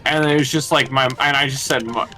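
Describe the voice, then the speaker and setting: A man's voice: medium pitch, steady tone, a little fast, pushed and bright, faint music behind. A man co-hosting a charity game stream, chatting loosely over a voice call and rambling through fillers and restarts. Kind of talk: casual group chat over a voice call.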